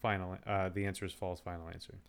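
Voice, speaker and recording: A man with a somewhat low voice co-hosts a relaxed podcast. He thinks out loud, stumbles over a restart now and then, and keeps a wry edge to his replies. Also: quick pace, creaky, smooth. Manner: wry, reasons aloud with some restarts. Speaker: podcast co-host. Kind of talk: casual chat.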